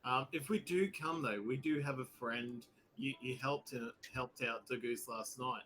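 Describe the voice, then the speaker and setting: A man, playing a character in a tabletop game, with halting stammering restarts. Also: mid-range voice, sharp tone, a little hiss or hum. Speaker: player.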